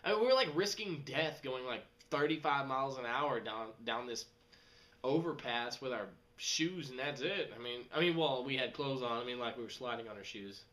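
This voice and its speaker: A young man, rambling casually in a vlog and jumping into high mocking voices. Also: moderate pace. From West Texas. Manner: animated, jumps to high mocking voices when quoting people. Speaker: vlogger.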